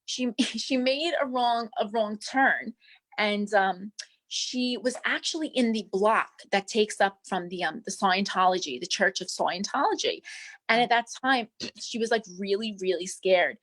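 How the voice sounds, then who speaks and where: A woman's voice: mid-range voice, measured pace, fairly bright tone. A comic actress playing a flamboyant female manicurist to Hollywood stars, rambling through breezy gossip and calling everyone darling and doll. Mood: gossipy. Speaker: guest. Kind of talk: improvised comedy character interview.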